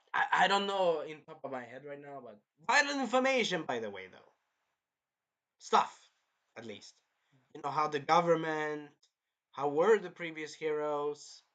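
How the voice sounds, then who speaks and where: A man's voice: a little high, fairly bright tone. A man giving a casual, rambling, jokey recap of an anime episode as a reviewer.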